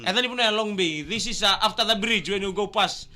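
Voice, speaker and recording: A man hosts a morning radio show from the studio. His voice sits very high and sounds bright and forceful. He rambles through comic anecdotes, mixing with local words. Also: fast. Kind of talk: casual radio banter.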